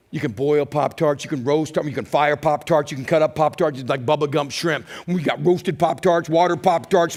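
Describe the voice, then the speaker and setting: A middle-aged male pastor preaching a sermon, telling the story with energy and acting out the people's complaints in exaggerated voices. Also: a little high.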